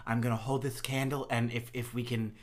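A man's voice: medium pitch, level tone, a little fast. A man playing a comedic psychic medium on a podcast, speaking in a mock-solemn, theatrical way when he channels spirits. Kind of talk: improvised comedy sketch.

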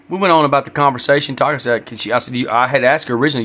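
A man's voice: medium pitch, very fast, hardly any pauses, sharp tone. A man hosting a solo podcast, ranting bluntly with heavy profanity in a preachy tone. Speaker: podcast host.

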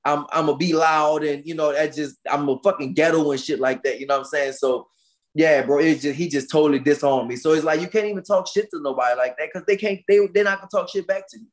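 A man's voice: fairly high pitch, fast talker. A man who is a boxer, telling stories in a casual podcast interview, rowdy and profane with lots of slang. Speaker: boxer guest.

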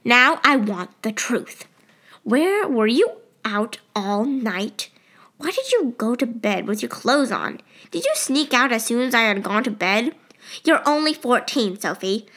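A worried, stern mother in an audiobook, as a woman reader puts her on. She demands answers in a rapid string of questions, her voice sitting fairly high. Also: very animated, a bit bright, heavily acted.

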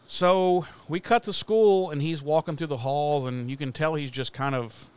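A man's voice: fairly high pitch, normal speed, clear, resonant tone. A man hosting a podcast, recapping an episode in casual, profane chat and laughing at the story. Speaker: podcast host.

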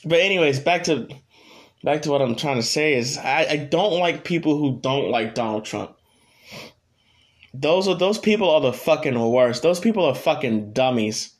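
A man's voice: on the high side, lively intonation, normal speed. A young man hosting his own podcast, ranting casually in a blunt, profane, rambling way. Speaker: podcast host. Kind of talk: casual solo podcast rant.

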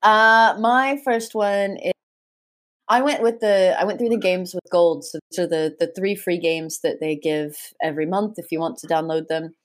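Woman on a video call, kinda low voice, swears a lot, super into her games. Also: moderate pace. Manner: enthusiastic, swears freely, animated. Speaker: podcast co-host. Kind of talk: casual chat.

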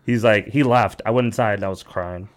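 A young man, casually telling funny stories on a podcast, acting out quotes with sudden high squeaky voices and laughing often. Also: fairly quick. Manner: animated storyteller, acts out quotes, laughs often, swears. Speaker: podcast co-host. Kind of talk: casual storytelling chat.

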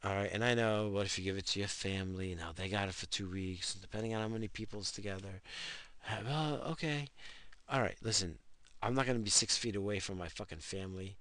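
A man's voice: lowish voice, fast talker, a bit bright, dry recording. A man in his thirties giving a profane, rambling late-night rant after drinking, talking about his wife and kids. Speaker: vlogger ranting to camera.

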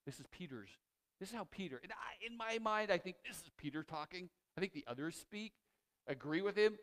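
A high-pitched male pastor brings a story to life in his sermon. Lively and animated, his voice swings from loud to hushed, and he restarts often.

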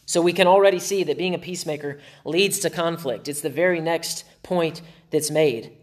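A man's voice: fairly high pitch, moderate pace. Emphatic preacher man with dry sarcasm. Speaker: pastor. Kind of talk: sermon.

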